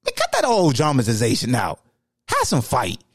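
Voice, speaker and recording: A man's voice: mid-range voice, moderate pace, breathy edge, no echo, studio quality. A man hosting a sports podcast, ranting with heat in casual, slangy talk. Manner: animated, slangy, heated ranting. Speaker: podcast host.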